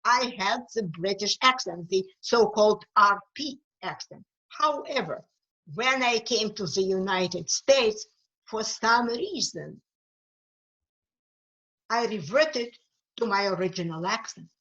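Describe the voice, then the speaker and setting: A woman speaking with an East European accent, a guest author talking slowly and thoughtfully in a webinar, sometimes repeating words as she searches for them. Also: medium pitch, lively intonation, fairly bright tone, muffled recording. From Ukraine. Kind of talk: webinar talk.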